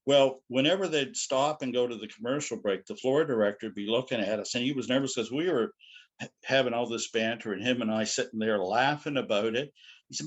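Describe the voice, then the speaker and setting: Speaking at a fairly quick pace in a medium-pitched voice, a middle-aged man serves as a guest speaker, loosely rambling through anecdotes in a casual storytelling lecture and often saying "you know."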